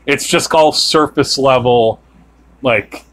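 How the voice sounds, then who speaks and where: A man's voice: medium pitch, slow pace, fairly bright tone. A man hosting a podcast, chatting casually and rambling with many fillers and restarts. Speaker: podcast host. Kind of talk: casual chat.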